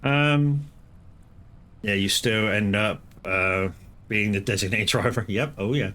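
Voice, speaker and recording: A man's voice: lowish voice, slow, pushed and bright. A man streaming a farming game, rambling and swearing as he chats to viewers. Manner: rambling, swearing, frequent restarts. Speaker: live streamer. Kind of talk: casual gameplay commentary.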